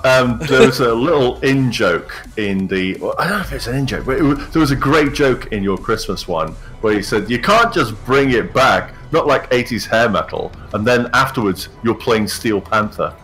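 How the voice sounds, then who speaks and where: A man's voice: mid-range voice, expressive, moderate pace, few pauses, a bit bright. A man joining a voice chat from a very echoey room, enthusiastic and jokey, laughing often. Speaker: guest in voice chat. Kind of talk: casual voice chat. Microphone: voice chat over the internet.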